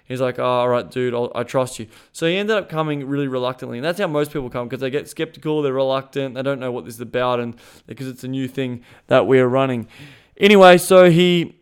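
Frank, smooth-voiced male podcast host. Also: medium pitch, fast talker. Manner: frank and profane, emphatic, with frequent restarts. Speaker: podcast host and sexuality coach. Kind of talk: casual monologue.

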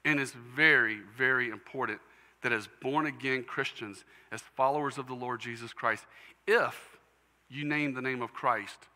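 A man delivers a sermon in an earnest storytelling manner. His voice is sharp and bright. It rings out with a long reverb, as if in a church hall. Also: medium pitch, normal speed. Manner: earnest storytelling preacher, emotional at times. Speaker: pastor.

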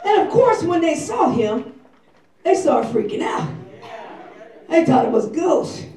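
A woman pastor preaching a lively sermon, telling the story with slangy acted-out quotes and often shouting. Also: sits high, unhurried. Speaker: senior pastor. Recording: echoey church hall from far off.

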